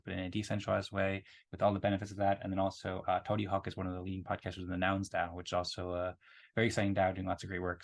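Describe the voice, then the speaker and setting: Fast-talking man with a gravelly voice. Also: low-pitched. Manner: friendly, rambling with many fillers. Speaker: meeting host. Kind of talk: casual online meeting talk. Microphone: video call.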